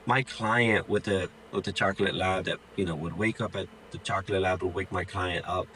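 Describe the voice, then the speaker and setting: On a low-quality recording with a little hiss or hum, a man who trains dogs speaks fairly quickly in a low, steady, fairly bright voice. Addressing viewers directly, he offers informal tips, leaning on "dude" and "like" and acting out the dog's thoughts.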